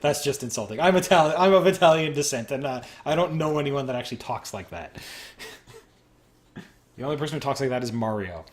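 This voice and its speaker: A man's voice: medium pitch, lively intonation, brisk. A man hosting a podcast, casually reading game text aloud and joking through a playthrough. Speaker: podcast host playing a game. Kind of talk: casual let's-play commentary.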